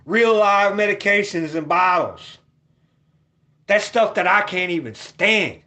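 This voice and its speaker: A man vlogging a rambling, repetitive rant at home, cursing and swinging from loud hollering to low mutters. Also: animated, takes it slowly.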